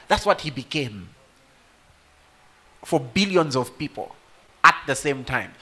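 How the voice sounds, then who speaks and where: A man preaching a sermon to a congregation, rising to loud emotional peaks and speaking directly to his listeners. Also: medium pitch, sing-song, moderate pace, pauses often. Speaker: pastor.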